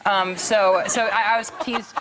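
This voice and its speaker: Young man, very high light voice, giggly, stammering restarts, reverberant studio, light hiss. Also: fairly even intonation, unhurried, a bit bright. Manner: laughs often, stammers and restarts. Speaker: guest. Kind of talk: talk show chat.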